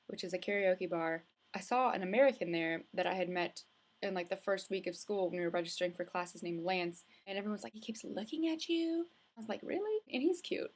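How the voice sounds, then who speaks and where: A young woman vlogging from home, telling a casual, rambling story full of likes and restarts. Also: medium pitch. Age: young adult. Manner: chatty, rambling, with many filler likes and restarts. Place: indoors at home, with hood up.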